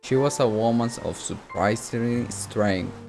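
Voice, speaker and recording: Man, narrator, reading a novel aloud, steady, clear background music. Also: mid-range voice, unhurried. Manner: steady storytelling with brief asides.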